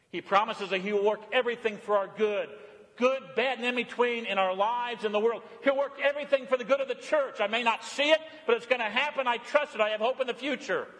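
A male pastor preaching a sermon, animated, rising high and loud on exclamations and dropping low and quiet on reflective lines. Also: a little fast, in a large hall.

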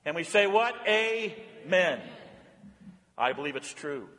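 High-voiced pastor preaching in a reverberant church. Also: male voice, slow. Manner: swings from lively and playful to hushed and earnest. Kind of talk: sermon.

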